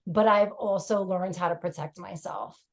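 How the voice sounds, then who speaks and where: A woman's voice: mid-range voice, steady tone, normal speed. A woman comedian with a New York accent, chatting frankly on a podcast with lots of fillers and laughter. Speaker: comedian guest. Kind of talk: casual podcast chat.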